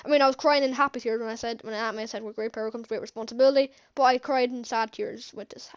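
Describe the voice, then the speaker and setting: A woman giving an excited, rambling movie recap as a vlogger, gushing, with lots of fillers and restarts. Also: on the high side, fast talker, hardly any pauses, clean tone.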